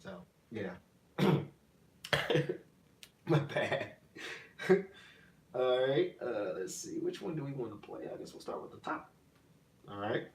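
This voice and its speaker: A man's voice: medium pitch, big pitch swings, slow pace, long pauses, darkish tone. A man hosting a casual livestream, teasing and joking with his chat viewers and talking into an iPhone on a selfie stick. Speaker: streamer hosting his own channel.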